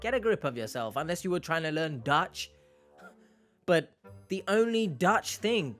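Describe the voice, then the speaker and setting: A man's voice: on the high side, big pitch swings, a little slow, fairly bright tone, soft background music. Sarcastic man reacting to a clip. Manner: sarcastic, joking asides. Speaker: reaction video host. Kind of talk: casual reaction commentary.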